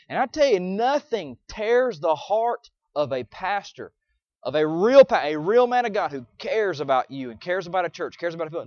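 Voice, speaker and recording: A middle-aged man, a pastor, preaching in a conversational way, often restarting and swinging between quiet, soft passages and loud, emphatic ones. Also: a little high, no echo, highs cut off. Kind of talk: sermon.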